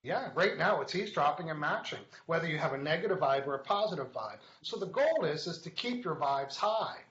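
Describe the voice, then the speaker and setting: A man's voice: on the high side, expressive, brisk, a bit bright. Playful man hosting a live show. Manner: playful, joking, reads viewer comments aloud. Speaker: host of a weekly live online show. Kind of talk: casual live-stream chat and teaching. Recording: echoey, dull lo-fi webcast sound.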